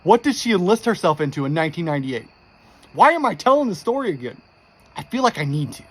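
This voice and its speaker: A man's voice: high-pitched, big pitch swings, fast, a bit bright, slightly rough. A man in his forties intensely retelling a frightening true story, with frequent swearing. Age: 40s. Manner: intense, profane, shaken retelling. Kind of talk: first-person true story.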